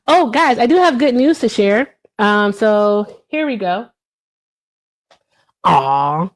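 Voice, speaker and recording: A woman in her thirties hosts a casual live stream, chatting straight to her viewers and answering their comments. Her pitch swings widely and her delivery stays loose and talkative, full of fillers. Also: animated, measured pace.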